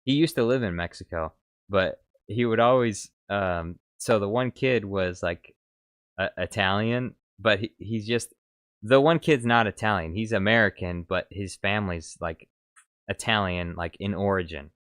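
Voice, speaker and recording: Lowish-voiced man chatting casually. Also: moderate pace, a bit bright, clean tone, no room sound, clean studio sound. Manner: rambling, self-mocking, laughs at himself. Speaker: streamer reading chat. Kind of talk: casual chat.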